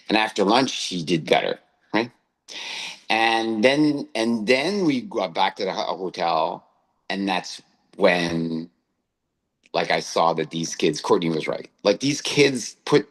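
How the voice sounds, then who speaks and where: A man's voice: low-pitched, animated, slow, rough recording. A male co-host telling a personal story in casual chat, often tagging phrases with "right?". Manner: anecdotal, tags phrases with "right?".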